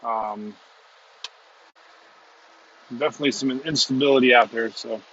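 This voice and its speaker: A man's voice: mid-range voice, fairly even intonation, unhurried, fairly bright tone, lo-fi sound, a little hiss or hum. A man hosting a storm-chasing livestream, rambling and chuckling as he chats casually from a moving car. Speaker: storm chaser, stream host. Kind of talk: casual live chat while driving.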